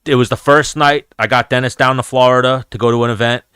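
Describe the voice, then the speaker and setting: Man, podcast host, bright voice, dry close sound, casual profane storytelling. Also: mid-range voice, quick pace, clear, resonant tone, dry recording. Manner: profane, animated storyteller acting out quotes.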